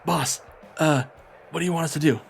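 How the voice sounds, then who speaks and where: A man voicing a timid, eager young football player in a tabletop game, halting and meek. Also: on the high side, fairly even intonation, creaky, slight background noise.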